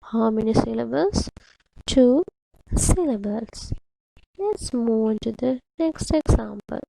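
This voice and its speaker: A woman's voice: on the high side, expressive, slow, creaky, noisy background. A woman teaching a primary English lesson, patiently explaining to children and repeating words syllable by syllable. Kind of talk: slow, deliberate classroom instruction to children.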